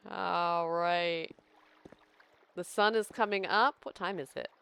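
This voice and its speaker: A woman's voice: fairly low pitch, fairly even intonation, slow, gravelly, fairly bright tone, clear, resonant tone, soft background music. A young American woman streaming a game, chatting casually with her viewers and laughing often. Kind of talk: casual live-stream chat while playing.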